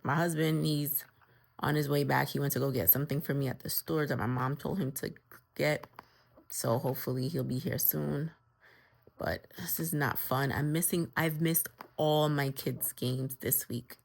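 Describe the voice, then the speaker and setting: A woman's voice: sits low, steady tone, moderate pace, creaky. A middle-aged woman, speaking in pain and weary in a personal health vlog. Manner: weary, plainspoken, tired. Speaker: vlogger.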